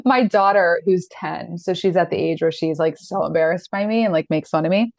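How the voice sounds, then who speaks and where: A woman's voice: on the low side, fairly quick, gravelly, dry recording. Earnest woman teaching an online masterclass. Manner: earnest, direct, encouraging, with animated quoted asides.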